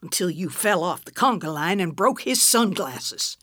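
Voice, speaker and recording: A woman voicing a prim elderly woman in her seventies who delivers dry, deadpan put-downs in a storybook. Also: lowish voice, normal speed, no echo. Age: 70s.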